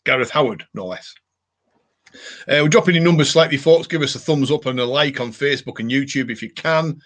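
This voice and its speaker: A man's voice: medium pitch, brisk, a bit bright. Rambling man. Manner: rambling, many fillers and restarts. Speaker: live stream host. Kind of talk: casual live chat reading viewer comments.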